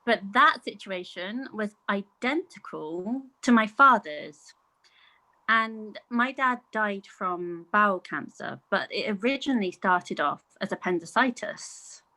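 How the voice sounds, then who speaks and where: A woman's voice: mid-range voice, lively intonation, measured pace, pushed and bright, poor audio. A middle-aged woman, a podcast guest chatting casually and telling personal stories, acting out what others said. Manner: chatty, storytelling with acted-out quotes and laughs. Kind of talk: casual conversation.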